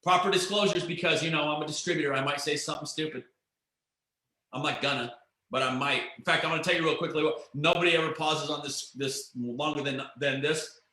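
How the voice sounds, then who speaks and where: A man giving an excited, emphatic network marketing pitch on a webinar, often repeating himself. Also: brisk, echoey room, poor audio. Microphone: computer mic on a webinar.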